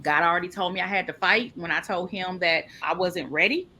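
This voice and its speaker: A woman recounts her own story in a lower, bright and forceful voice. She is lively and jumps up in pitch to act out what other people said. A faint hiss sits under the recording. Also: a little fast. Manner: animated, acts out quoted people with big pitch jumps. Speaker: podcast guest. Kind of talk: personal storytelling interview.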